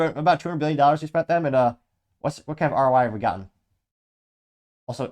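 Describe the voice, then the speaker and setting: With a mid-range voice and a darkish tone, a man reads viewer comments on the political commentary show he hosts. His delivery is quick, blunt and sarcastic, fueled by lots of coffee that leaves him over-caffeinated.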